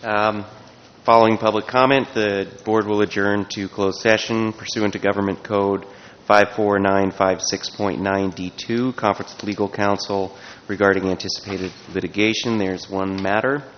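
A man's voice: on the low side, level tone, normal speed. A man serving as the board's attorney, reading legal code citations in a formal manner. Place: public board meeting room. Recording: echoey hall, dull lo-fi sound, faint noise.

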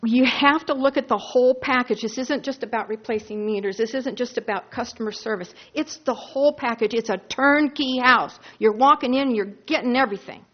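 A woman's voice: fairly high pitch, brisk, hardly any pauses, a little hiss or hum. A woman in her sixties speaking earnestly and emphatically as a board member at a public meeting, asking rhetorical questions. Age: 60s. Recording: dull lo-fi meeting recording.

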